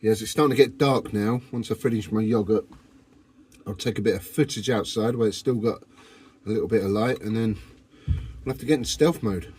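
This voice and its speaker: A man's voice: fairly low pitch, fairly quick, darkish tone, a little hiss or hum. A man, filming a casual camping vlog on his phone from inside a van. He talks to the camera in a cheeky, jokey way. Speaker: vlogger.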